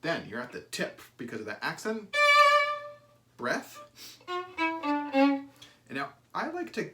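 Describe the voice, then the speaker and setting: A man's voice: fairly high pitch, huge pitch swings, unhurried, soft background music. A man teaching a violin lesson, explaining bowing and shifting and counting out beats. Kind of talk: instrumental music lesson. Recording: loud violin playing under the talk.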